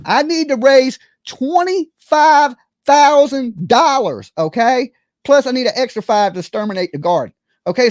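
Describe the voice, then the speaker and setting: Streamer spinning a comic tale, lively up-and-down delivery, dry close sound, keeps asking "right?". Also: high voice, no echo. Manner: animated, acts out scenes with buzzing sounds and quoted voices; rambling, keeps checking in with "right?" and "okay?". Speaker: live streamer. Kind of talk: comedic storytelling to a live audience.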